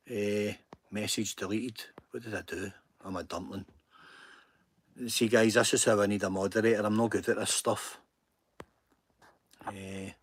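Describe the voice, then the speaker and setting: A man's voice: lowish voice, dry recording. Earnest Scottish man hosting a livestream. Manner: earnest and self-deprecating, chatty. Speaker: livestream host. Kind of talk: casual live-stream chat.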